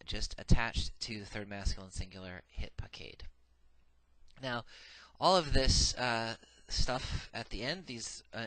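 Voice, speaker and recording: Man lecturing a grammar course: a somewhat low, dry-recorded voice, patient and methodical, with plenty of "uh"s. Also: pushed and bright, no echo, poor audio. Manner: methodical, recites paradigms slowly, frequent "uh" fillers. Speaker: Hebrew grammar teacher.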